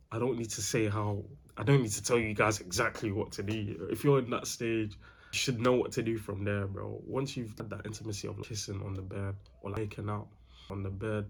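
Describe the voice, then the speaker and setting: Slangy young man, low voice. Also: slightly rough. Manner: slangy, repeats himself, calls the viewer bro. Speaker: dating advice host. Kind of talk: casual advice talk.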